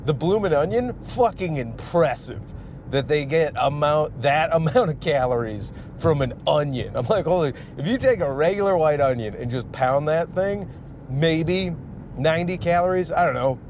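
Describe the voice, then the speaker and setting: A man from Michigan, a stand-up comic hosting his podcast, rambling casually and profanely with frequent laughs while driving. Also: darkish tone. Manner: profane, laughs often, restarts and trails off. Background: faint vehicle rumble.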